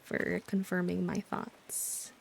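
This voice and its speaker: A woman's voice: fairly low pitch, lively intonation, slow, vocal fry, in a whisper. A young woman with a Midwestern American accent, chatting casually as a streamer while playing and reading chat. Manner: chatty, thinking aloud.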